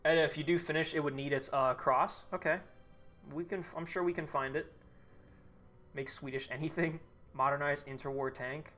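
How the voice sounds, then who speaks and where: A young man chats on a live stream, reading chat and thinking aloud in loose, restarting sentences. His voice sits a little high, and faint music plays behind him. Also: fairly even intonation, moderate pace, pushed and bright.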